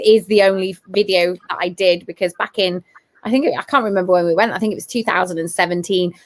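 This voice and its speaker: A woman paranormal investigator telling her story in casual chat, eager and full of restarts. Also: mid-range voice. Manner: eager, restarts and repeats phrases.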